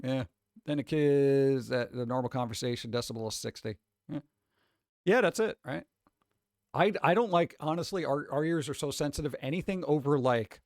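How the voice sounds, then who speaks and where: A man's voice: medium pitch, darkish tone, no echo, studio quality. A man chatting casually on a live stream, rambling and swearing as he reacts to posts, with frequent restarts. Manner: loose, profane, rambling with restarts.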